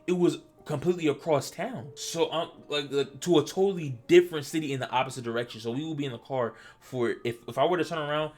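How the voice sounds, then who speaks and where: A man from Delaware telling a personal story in casual vlog style, animated and stammering, acting out what he said back then. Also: fairly high pitch, fast, few pauses. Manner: animated, stammering, acts out his own past lines. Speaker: storytelling vlogger.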